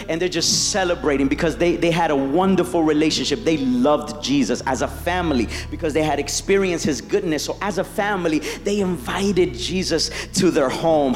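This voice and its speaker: A man preaching a sermon, animated and playful, acting out biblical voices for the congregation. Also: a little high, long reverb tail.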